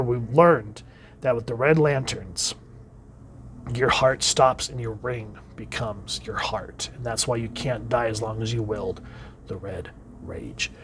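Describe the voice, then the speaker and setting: A man giving a casual comic book review, chatting along and letting phrase ends drop quietly. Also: medium pitch, a little hiss or hum.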